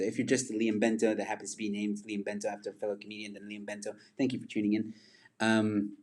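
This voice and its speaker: A man hosts a loose livestream chat and wanders between topics as he goes. His voice sits a little low, and he breaks into laughter at himself often. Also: level tone, fairly quick, darkish tone. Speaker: livestream host.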